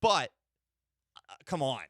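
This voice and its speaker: A man hosting a sports radio show, talking in an animated, joking way with rambling asides. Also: medium pitch, slow pace, no echo, studio quality.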